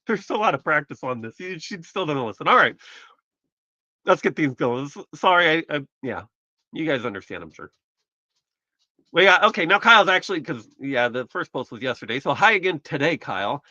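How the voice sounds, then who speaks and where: A man's voice: on the high side, big pitch swings, brisk, sharp tone, no room sound, muffled recording. A man from the United States hosting a casual live stream, chatting in a rambling, self-correcting way while recovering from surgery. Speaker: livestream host.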